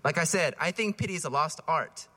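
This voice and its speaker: A man's voice: fairly high pitch, fairly quick, bright, forceful tone, in a large hall. A man preaching a homily in a casual, joking way, often acting out voices. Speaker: priest.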